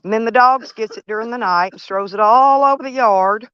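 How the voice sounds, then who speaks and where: A woman's voice: on the high side, brisk, clear, resonant tone, dry recording. Older woman, blunt and profane, casual vlog talk, dry dull recording. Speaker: van life vlogger.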